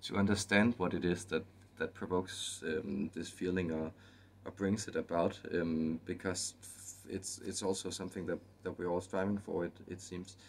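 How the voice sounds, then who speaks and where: Deep voiced guy, talks hesitantly, stumbles over words a lot, casual intro. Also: fairly even intonation, gravelly, a little hiss or hum. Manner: halting, repeats words, restarts often. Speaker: channeler.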